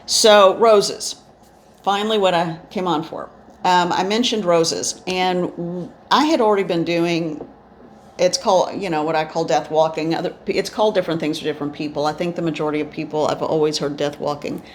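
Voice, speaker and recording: This woman's voice sits on the low side, with fairly even intonation at a normal speed, and there's slight background noise. She's a spiritual medium indoors, eyes often closed, telling her experiences in a rambling, reflective, instructional way that keeps restarting.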